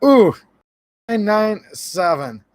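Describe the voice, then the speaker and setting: A man's voice: high voice, very animated, slow, dry recording. A man hosting a casual livestream, laughing often and reading viewer chat aloud. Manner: laughs a lot, reads chat aloud, jokey. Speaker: livestream host. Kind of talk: casual live-stream chat.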